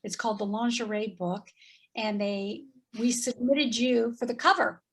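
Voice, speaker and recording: A woman in her fifties telling a story in casual chat, animated and acting out voices as she goes. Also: fairly high pitch, moderate pace. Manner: animated, acts out voices in quotes, laughs often. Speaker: guest.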